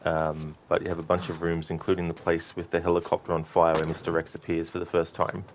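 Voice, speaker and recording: A man's voice: deep voice, monotone, fairly quick, slight background noise. A young man streaming a game, chatting casually with viewers in a rambling way, with lots of ums. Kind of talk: casual live-stream gameplay chat.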